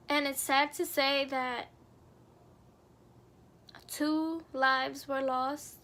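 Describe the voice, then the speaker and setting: High, flat-voiced young woman telling a story. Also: drawn-out words, long pauses. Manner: earnest, somber retelling with many fillers. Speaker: vlogger. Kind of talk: storytime narration.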